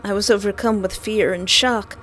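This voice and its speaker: A young woman playing through a visual novel, reading the narration aloud and reacting with dramatic, playful asides and shrill screams. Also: steady tone, moderate pace, fairly bright tone. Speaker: let's play host.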